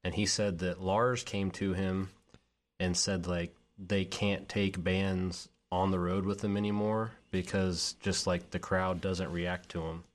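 A man's voice: low-pitched, unhurried. A man in casual chat, telling a concert story with lots of fillers. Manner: storytelling, animated, filler-heavy.

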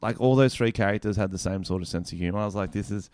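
A young Australian man with a lowish voice trades crude jokes in relaxed podcast banter. He swears freely and jokes with a loose, casual delivery. His voice is recorded close and dry, with no room sound. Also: fast talker, no room sound. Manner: crude, joking, swears a lot. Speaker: podcast co-host.

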